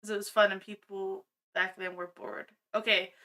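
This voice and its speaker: A woman's voice: mid-range voice, flat delivery, normal speed, pushed and bright. A woman streaming a video game from home, chatting casually and laughing often as she thinks aloud. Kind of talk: casual gameplay commentary. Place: home, cat on her lap.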